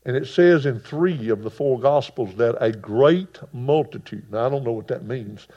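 A man preaching a sermon, folksy and emphatic, moving between hushed passages and loud bursts. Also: medium pitch, moderate pace. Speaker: pastor. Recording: dull lo-fi sound.

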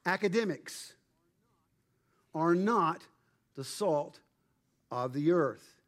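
A male pastor delivers a sermon in a slightly higher than usual voice. He preaches emphatically, slowing down and pausing for weight on key phrases. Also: animated. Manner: emphatic, measured preaching with dramatic pauses.

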